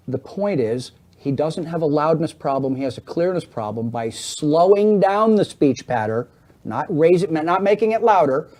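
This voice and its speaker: Earnest man explaining, mellow tone. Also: fairly high pitch. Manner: earnest, persuasive, explaining at length. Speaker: hearing aid business guest. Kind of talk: explanatory interview talk.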